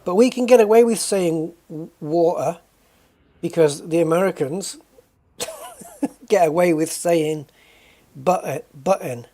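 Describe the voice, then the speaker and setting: A man's voice: on the high side, expressive, measured pace, pauses often, dark tone. A British man hosting a game livestream, chatting casually with viewers, greeting them by name and rambling through musings with many self-corrections. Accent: British English. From United Kingdom.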